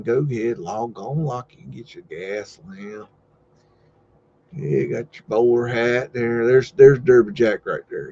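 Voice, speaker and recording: A man hosts a live stream, talking in a loose, rambling way and tossing out jokes and loud exclamations. His voice sits at a medium pitch. The recording sounds a little dull and lo-fi. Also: a little hiss or hum. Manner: rambling, joking, easygoing asides and loud exclamations. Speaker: host. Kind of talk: casual live-stream commentary over old photos.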